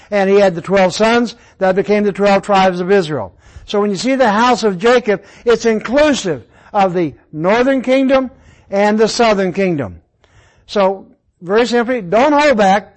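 A man's voice: sits high, rough recording. A man teaching an informal Bible study class, explaining the verses one by one in a conversational way.

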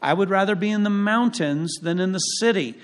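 A man's voice: high-pitched, a little fast. A man preaching a sermon as pastor in a church, emphatic and throwing rhetorical questions to the congregation.

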